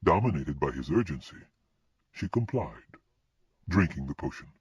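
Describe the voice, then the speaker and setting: A man narrating a fantasy audiobook in an expressive reading style. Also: very deep voice, normal speed, slightly rough, dry recording. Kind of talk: scripted narration. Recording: dull lo-fi recording.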